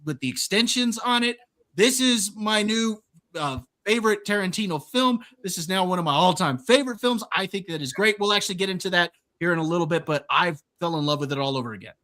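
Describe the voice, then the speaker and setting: A man co-hosting a podcast in casual chat, animated and laughing often as he retells movie scenes. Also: high-pitched, fast. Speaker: podcast co-host.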